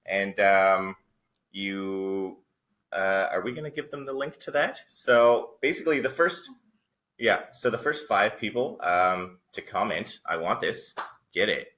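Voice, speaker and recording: A man's voice: on the low side, expressive, a little slow, a bit bright. A man from Canada hosting a casual webinar Q&A on a video call, upbeat and full of fillers. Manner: upbeat, filler-heavy, laughing along. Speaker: webinar host.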